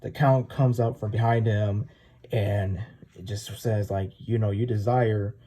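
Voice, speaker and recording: A man's voice: fairly low pitch, fairly even intonation, measured pace, warm tone, husky. A man casually recapping a comic chapter, rambling and full of filler words. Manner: rambling, full of "like" and "you know". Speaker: comic reviewer.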